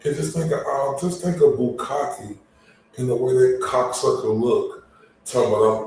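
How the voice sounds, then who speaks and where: Angry male commentator, slow, profane rant, mellow tone, far off in a reverberant room with light noise. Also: medium pitch, fairly even intonation. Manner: angry, heavy swearing, drawn-out complaints. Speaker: online commentator. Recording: very echoey room, far from mic, faint noise.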